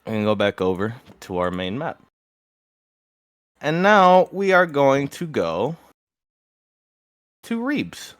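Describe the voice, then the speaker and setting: A young man running a tabletop game as game master, telling the scene in a lively way. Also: mid-range voice, slow, pauses often, clear, resonant tone, dry recording. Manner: lively storytelling, slips into character voices.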